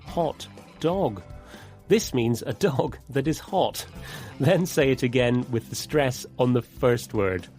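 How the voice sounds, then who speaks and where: Slow, clear-speaking male English teacher. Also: medium pitch, a little mellow, soft background music. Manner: clear, deliberate explaining tone. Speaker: co-host of an English vocabulary lesson. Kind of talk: scripted teaching dialogue.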